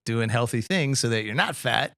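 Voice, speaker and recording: Gravelly middle-aged man, rambling. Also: medium pitch, animated, a bit bright, dry recording, clean studio sound. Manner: rambling, halting, with many fillers and restarts. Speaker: podcast co-host. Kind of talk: casual podcast chat.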